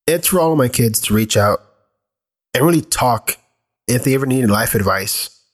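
A man's voice: mid-range voice, expressive, normal speed. A man in his thirties, a father, talking earnestly and candidly about raising his kids in a loose, rambling way. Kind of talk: reflective personal talk.

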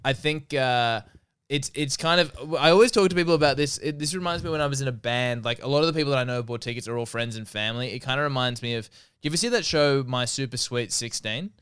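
A young man, a comedian co-hosting a podcast, talking in a quick, wry, teasing way. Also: medium pitch, a bit bright, clean tone, no room sound, studio quality. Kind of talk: casual chat.

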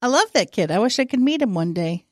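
A woman co-hosting a casual chat, tossing in teasing questions and quick jokes. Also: a little high, lively intonation, a little mellow, no echo, studio quality.

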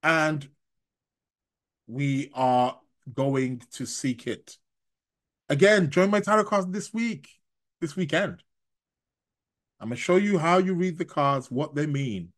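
A man who reads tarot, chatting on a live stream and reading out viewer comments, rambling and halting with frequent restarts and chuckles. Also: fairly high pitch, lively intonation. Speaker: astrologer and tarot reader.

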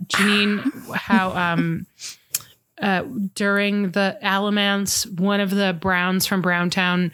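A woman's voice: on the low side, fairly even intonation, a little slow, a bit bright, no room sound. A woman co-hosting a podcast, recapping a TV series in a rambling, playful, jokey way. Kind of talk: casual recap chat.

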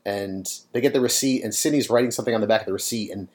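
A man's voice: fairly low pitch, rapid-fire, darkish tone. A man co-hosting a casual podcast, recapping a TV episode in a laid-back, sarcastic way with lots of ums. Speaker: podcast co-host.

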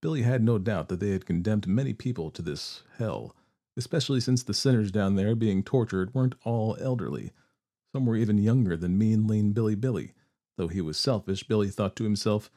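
A man narrating a story in a steady, expressive reading voice. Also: on the low side, brisk.

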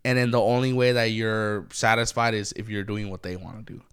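A man's voice: lowish voice, brisk, fairly bright tone, clean tone. A man with a cold, rambling through stories in a casual podcast chat, swearing freely and laughing often. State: congested from a cold. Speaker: podcast co-host.

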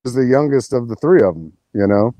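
A man's voice: medium pitch, fast, no room sound. A man talking casually as a podcast guest, telling a rambling story full of restarts and swearing. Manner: rambling, restarts, profane, animated retelling.

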